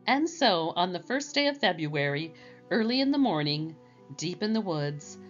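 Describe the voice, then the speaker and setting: Woman reading a bedtime-style storybook, lively tone, kinda dull lo-fi audio, faint music behind. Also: fairly low pitch, moderate pace. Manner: gentle and expressive. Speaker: storybook reader. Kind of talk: read-aloud storybook narration.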